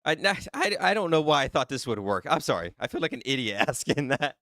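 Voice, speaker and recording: A man hosting a live stream who reads out the chat in a flustered, excitable way and teases the viewers. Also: medium pitch, a little fast, no room sound, clean studio sound. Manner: flustered and excitable, laughing often, teasing viewers. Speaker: livestream host reading chat.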